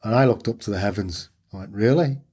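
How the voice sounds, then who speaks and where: Yorkshire man, guest storyteller; husky, lowish voice, acts out dialogue. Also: fast, a little mellow. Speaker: podcast guest. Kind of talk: personal storytelling interview.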